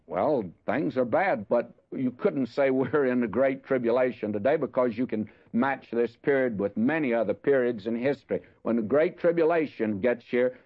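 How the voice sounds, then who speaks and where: Older preacher on a dull old recording. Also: male voice. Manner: reads scripture slower and higher, chatty asides. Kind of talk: sermon, Bible exposition.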